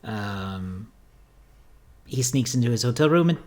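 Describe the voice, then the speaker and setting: A man's voice: mid-range voice, expressive, unhurried. A man co-hosting a movie podcast, recapping the plot casually and correcting himself as he goes. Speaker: podcast co-host.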